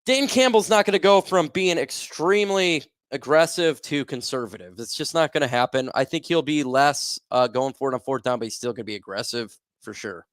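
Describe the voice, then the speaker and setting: A young man chats casually on a sports livestream, reading out viewer comments and riffing on them with plenty of ums and restarts. His voice sits at an ordinary middle pitch. The sound is dry and close, with no room echo. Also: brisk, hardly any pauses. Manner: reads viewer comments aloud and reacts, loose and filler-heavy. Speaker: livestream host.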